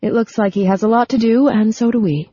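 A woman voicing Phoebe, a grown daughter speaking calmly and dryly in an audiobook. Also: fairly high pitch, a little fast, breathy edge, no room sound, muffled recording, voice pushed up. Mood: restrained. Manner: dry, controlled, quietly firm.

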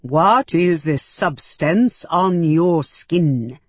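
A cold, alien jellyfish creature, put on by a woman narrator speaks in slow, measured, commanding questions. Its tone sounds oddly unlike an ordinary human voice, lowered and weighty. The recording is close and dry, with no room sound. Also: expressive, slightly rough, no echo, exaggerated voice. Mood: firm. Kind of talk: audiobook character voice.

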